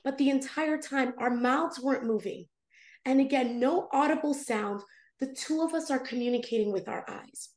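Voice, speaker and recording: High-voiced woman telling an animated story. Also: normal speed, reverberant. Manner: animated, acts out her own past dialogue with big pitch jumps. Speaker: guest, prophetic intercessor. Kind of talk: emotional storytelling in a podcast interview.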